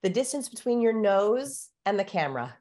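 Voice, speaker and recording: A woman's voice: mid-range voice, big pitch swings, normal speed, darkish tone. A woman who researches communication, guesting on an interview show and explaining with energy, like a teacher giving demonstrations.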